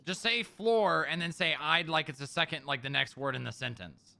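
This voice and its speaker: A man's voice: on the high side, normal speed, vocal fry, sharp tone. A man in casual roleplay banter, teasing and laughing easily. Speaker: roleplay player, streamer.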